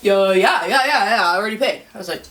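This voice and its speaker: A woman's voice: mid-range voice, lively intonation, fast talker, a bit bright, distant mic, slight background noise. Young woman telling server stories. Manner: swearing, storytelling with laughs. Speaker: podcast co-host. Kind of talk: casual chat.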